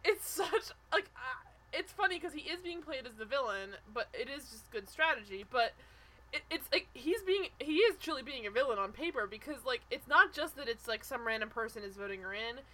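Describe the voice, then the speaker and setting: A young woman co-hosting a podcast, chatting casually about a reality show, animated and full of "like" and quick restarts. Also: sits high. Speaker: podcast co-host.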